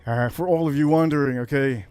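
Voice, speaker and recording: A man from Miami hosting a casual whiskey livestream, brash and hyped, jumping to high shouts on catchphrases. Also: brisk, clean tone, dry recording, soft background music. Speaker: livestream host reviewing whiskey.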